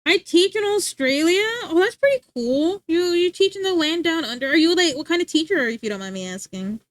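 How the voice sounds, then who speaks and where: A woman's voice: very high voice, expressive, brisk, no room sound. A young woman livestreaming from home, chatting casually with her viewers, teasing them playfully and laughing often. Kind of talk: casual chat reading stream chat. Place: home streaming setup.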